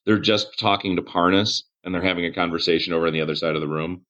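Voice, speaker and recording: Game master, male, very low voice, dull lo-fi recording, loose and profane. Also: fairly even intonation, fast, a bit bright. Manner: casual, swearing, laughs often. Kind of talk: narrating a tabletop game.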